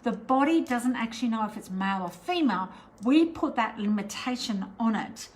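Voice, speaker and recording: A woman's voice: on the high side, lively intonation, moderate pace, rough recording. A middle-aged Australian woman, a spiritual teacher, chatting casually to camera, meandering with lots of fillers. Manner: chatty, meandering, warm and encouraging with many fillers.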